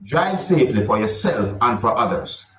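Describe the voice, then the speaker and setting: A man's voice: fairly low pitch, sing-song, moderate pace, a bit bright, far from the mic, soft background music. Man vlogging in an echoey room. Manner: repetitive, formal phrasing addressing viewers and subscribers. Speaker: vlog host. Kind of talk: news-style commentary vlog. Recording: echoey room, voice a bit off mic.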